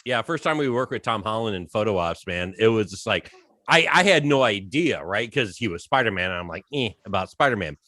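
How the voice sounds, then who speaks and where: Animated man with a lively voice. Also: on the low side, fairly quick, dry recording. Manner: animated, emphatic, trails off and restarts. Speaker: fill-in podcast co-host. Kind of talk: casual chat.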